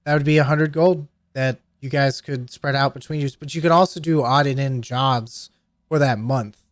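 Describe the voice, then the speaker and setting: A man running a tabletop game as game master, relaxed and joking as he explains the rules. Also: mid-range voice, moderate pace, no echo.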